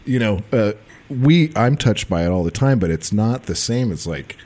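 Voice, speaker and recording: Low-voiced guy telling a story, pitch all over the place, does the voices of people he's quoting. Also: normal speed. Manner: animated, acts out the people in his stories. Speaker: podcast co-host and musician. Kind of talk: casual storytelling.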